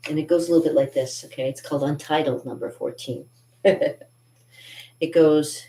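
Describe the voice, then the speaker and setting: A woman's voice: deep voice, fairly even intonation, moderate pace, mellow, reverberant. A woman vlogging about cartooning in a chatty, giggly way, reading her own poetry aloud with theatrical drama.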